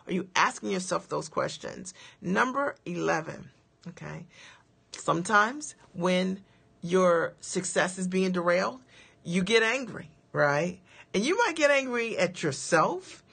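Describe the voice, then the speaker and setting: A woman's voice: fairly low pitch, expressive, creaky, fairly bright tone, slightly rough. A woman business coach giving an emphatic motivational talk on a livestream, firing off rhetorical questions and checking in with her audience after each point. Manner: asks rapid rhetorical questions.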